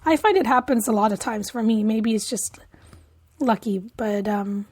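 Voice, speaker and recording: A woman's voice: fairly high pitch, normal speed, darkish tone, slightly rough. A woman co-hosting a podcast from Canada, chatting casually, often laughing and trailing off mid-sentence. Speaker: podcast co-host. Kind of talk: casual chat.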